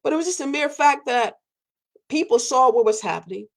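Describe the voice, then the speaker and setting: A woman giving an emphatic personal monologue as a podcast host, repeating phrases for weight and jumping sharply up in pitch when stirred. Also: expressive, brisk. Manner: fiery, repetitive, preacherly emphasis with sudden pitch jumps.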